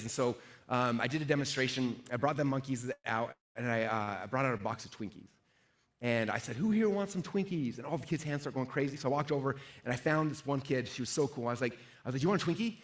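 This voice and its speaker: A middle-aged man giving a lively live sales seminar, quizzing the audience and acting out inner voices. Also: mid-range voice. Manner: energetic, asks the audience questions, acts out inner voices. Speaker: sales trainer.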